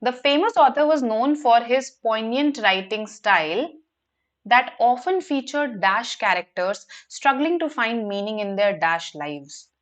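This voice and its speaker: A woman's voice: a little high, lively intonation, a little slow. A woman with an Indian English accent teaching a live online vocabulary lesson, explaining patiently and often checking in with the class. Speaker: online exam prep teacher.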